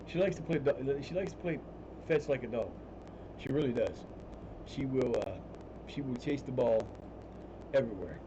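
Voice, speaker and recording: A man's voice: mid-range voice, moderate pace, long pauses. A man streaming live from home, chatting casually, swearing freely and grumbling at his equipment. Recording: muffled stream audio with steady noise.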